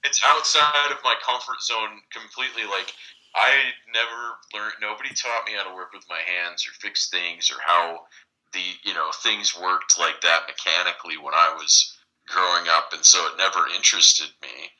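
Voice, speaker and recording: A man in his forties with a very deep voice and a sharp, bright edge. He talks in a flat, steady monotone and stays level even when he describes a panic. It is relaxed podcast chat. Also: moderate pace, rough recording. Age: 40s. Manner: monotone, even-keeled delivery. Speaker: podcast co-host, lawyer.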